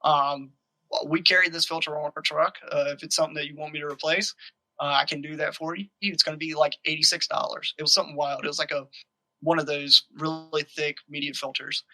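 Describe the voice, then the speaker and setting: A man's voice: on the high side, brisk, rough recording. A young man telling a profane story in casual chat, acting out the arguments. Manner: profane, animated, acts out quoted arguments. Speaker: podcast guest telling a story.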